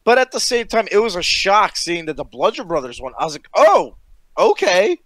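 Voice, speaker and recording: Excitable high-voiced man cursing through a chat. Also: fast talker, dry recording. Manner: excited, profane, storytelling. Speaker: podcast co-host. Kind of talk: casual chat.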